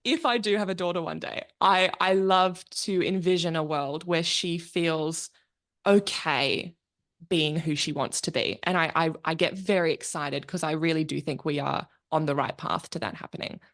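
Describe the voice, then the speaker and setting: A woman's voice: low-pitched, normal speed, fairly bright tone. A young woman hosting a podcast, chatting candidly and reflectively, laughing easily. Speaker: podcast host. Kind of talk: casual interview chat.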